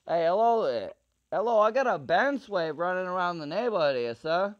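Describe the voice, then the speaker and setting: A man making a prank phone call, ranting in a profane, irritated way with loud outbursts. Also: sits high, lively intonation, moderate pace. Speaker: prank caller.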